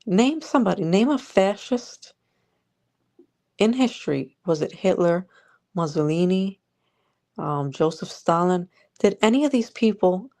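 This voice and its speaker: A woman's voice: on the low side, a little mellow. A woman vlogger ranting sarcastically about politics straight to the viewer. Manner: sarcastic, exasperated, talks to the viewer.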